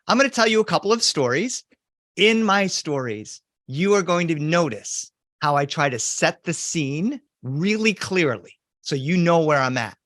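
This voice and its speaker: Animated middle-aged storyteller man. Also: a little high, no echo, clean studio sound. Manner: lively, animated, greets the audience. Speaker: children's storyteller. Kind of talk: storytelling for kids over video call. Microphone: video call.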